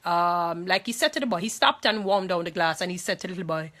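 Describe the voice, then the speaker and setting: A woman's voice: on the low side, quick pace, a bit bright. A woman with a Jamaican accent, speaking to viewers in an impassioned monologue. She talks emphatically, repeats phrases and pleads, distressed and angry.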